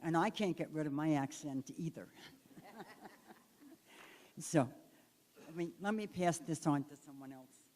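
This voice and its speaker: A woman's voice: deep voice, measured pace, long pauses, a little mellow. Hesitant older woman introducing herself. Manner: hesitant, with um fillers. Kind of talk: self-introduction. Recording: echoey hall, distant mic.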